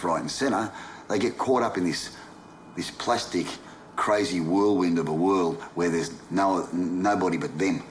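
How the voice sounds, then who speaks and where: A man's voice: deep voice, a little hiss or hum. A man with an Australian accent, a wrestling promoter talking bluntly in a documentary interview. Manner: blunt, forceful talk with mild swearing.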